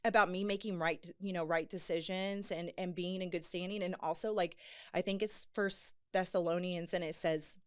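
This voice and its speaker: A woman sharing a personal faith testimony on a podcast, earnest and animated, with many fillers. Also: on the low side, normal speed. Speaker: podcast guest. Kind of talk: personal testimony in casual chat.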